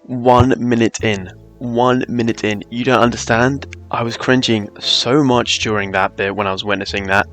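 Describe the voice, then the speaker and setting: A man's voice: medium pitch, steady tone, moderate pace, hardly any pauses, a bit bright, faint music behind. A man hosting a reaction video, commenting with exasperated scorn.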